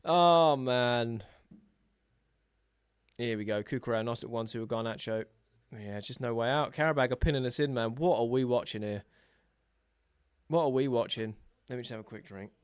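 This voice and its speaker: A young man hosting a live football watch-along, chatting casually with his viewers, excitable and sarcastic, shouting when his team scores. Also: medium pitch, moderate pace, pauses often, clean tone, no echo, studio quality. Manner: excitable, bursts into shouts at goals, sarcastic banter with chat. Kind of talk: live match reaction chat.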